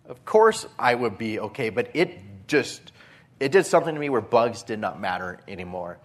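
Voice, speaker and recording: At medium pitch and normal speed, a man preaching as a pastor relates stories with animated delivery, acting out how panicked he got.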